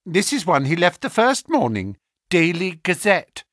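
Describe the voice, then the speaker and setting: A man's voice: high voice, big pitch swings, unhurried, fairly bright tone, no room sound, clean studio sound, pitched above the performer's own voice, exaggerated voice. A man voicing a respectful, worried middle-aged landlady who answers in a deferential, plain-spoken way, in an audiobook reading.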